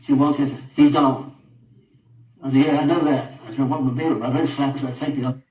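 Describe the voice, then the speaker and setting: An older man giving a halting personal account in an interview, repeating himself and often trailing off quietly. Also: medium pitch, fairly even intonation. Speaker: interviewed father. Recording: roomy, distant, dull audio.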